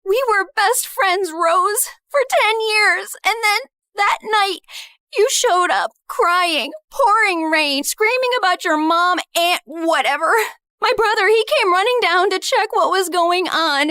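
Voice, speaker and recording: A woman's voice: extremely high pitch, takes it slowly, pushed and bright, no echo, clean studio sound, heavily acted. A woman voicing a spiteful, bitter young woman who scornfully accuses another. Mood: accusing. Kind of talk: dramatic story narration.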